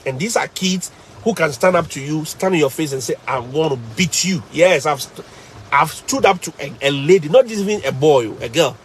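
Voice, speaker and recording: A man with a Ghanaian English accent, a teacher, casually telling stories to live viewers in an animated, emphatic way, repeating phrases for effect. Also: on the high side, moderate pace, a little hiss or hum.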